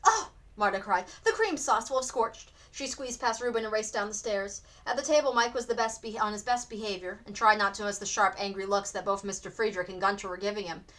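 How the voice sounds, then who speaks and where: Expressive woman teacher reading a story. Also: medium pitch, fast talker, hardly any pauses. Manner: expressive, acts out the characters. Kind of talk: storybook read-aloud narration.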